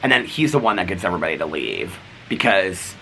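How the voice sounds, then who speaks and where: A man's voice: low voice, very animated, brisk, vocal fry, pushed and bright, slight background noise, poor audio. A man vlogging in casual chat, rambling as he retells stories and acts out what people said. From United States. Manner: rambling, retells scenes acting out each line.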